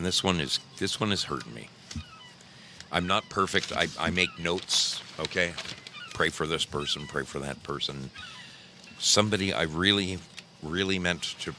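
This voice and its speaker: A man's voice: rumbling low, pushed and bright, a little hiss or hum. A man hosting a casual livestream, greeting viewers by name in a folksy, chatty way from a home studio. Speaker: livestream host.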